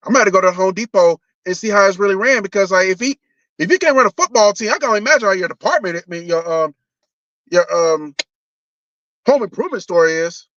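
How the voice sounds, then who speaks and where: A young man vents on his live stream in a bright, forceful voice, slightly high for a man. He talks bluntly, swears freely and keeps restarting his sentences. The stream audio sounds dull and lo-fi. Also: animated, fast, no room sound. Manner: blunt and profane, with frequent restarts. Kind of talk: casual live-stream sports rant.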